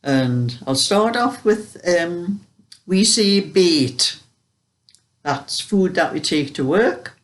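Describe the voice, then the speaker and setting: A woman's voice: lowish voice, animated, takes it slowly, hardly any pauses. A woman with a Geordie accent chatting casually to camera as a vlogger, homely and full of small hesitations. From Newcastle upon Tyne, England.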